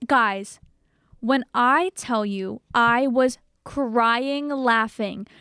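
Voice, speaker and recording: A woman's voice: fairly high pitch, very slow, sharp tone, clear, resonant tone, dry recording, studio quality. A young woman co-hosting a podcast, chatting casually and gushing enthusiastically about movies she loved. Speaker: podcast co-host. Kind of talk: casual chat.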